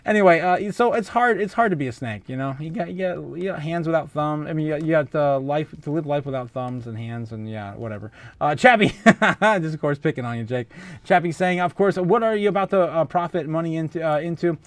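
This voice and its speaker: Reading out comments from viewers, the host of a laid-back crypto stream talks fairly quickly in a slightly high voice. He laughs a lot, restarting and filling gaps with ums. The audio has no echo.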